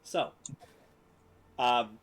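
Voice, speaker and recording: A man's voice: drawn-out words, a little hiss or hum, poor audio. A man running a tabletop game as game master, narrating descriptively with many fillers.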